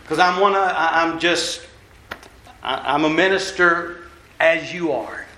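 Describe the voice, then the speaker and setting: A man's voice: on the high side, measured pace, bright, forceful tone. A man giving a folksy, self-deprecating sermon as a minister, walking around as he talks. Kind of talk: conversational sermon. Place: church hall. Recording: echoey church hall.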